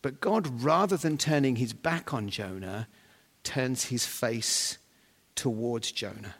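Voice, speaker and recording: A man preaching a sermon, humorous and animated, with sudden loud bursts of emphasis. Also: medium pitch, takes it slowly, husky. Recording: long hall reverb.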